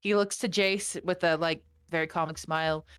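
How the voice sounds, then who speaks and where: A woman's voice: lowish voice, fairly even intonation, moderate pace, a bit bright, clear, resonant tone. A woman narrating as game master, casual and swearing a lot. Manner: casual, swearing, voices the figures. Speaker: dungeon master.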